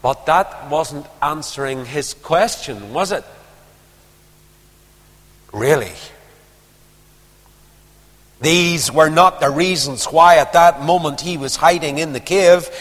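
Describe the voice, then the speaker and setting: A man preaching a sermon, telling a Bible story with dramatic swings from urgent emphasis to hushed, almost whispered lines. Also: fairly high pitch, takes it slowly, pauses often, big-room sound.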